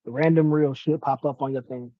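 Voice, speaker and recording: A man's voice: mid-range voice, steady tone, brisk, dry recording, highs cut off. A man co-hosting a podcast in easygoing casual chat. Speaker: podcast co-host.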